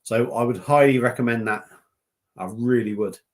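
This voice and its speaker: A man's voice: mid-range voice, normal speed. A man from southern England hosting a casual beer-review live stream, rambling and joking with frequent laughs. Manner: rambling, jokey, laughs often. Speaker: beer review channel host.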